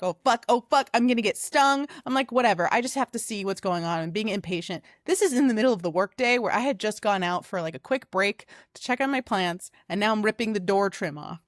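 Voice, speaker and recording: A young adult woman co-hosting a podcast, telling a story in lively casual chat, swearing often and acting out her own reactions. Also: mid-range voice, no echo, clean studio sound. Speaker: podcast co-host.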